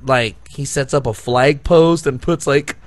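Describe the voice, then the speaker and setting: A man's voice: medium pitch, a little slow, dry recording. A man co-hosting a podcast, telling a long story in casual chat, full of "like," restarts and laughter. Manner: rambling storyteller, heavy on "like" and restarts, laughing often. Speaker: podcast co-host.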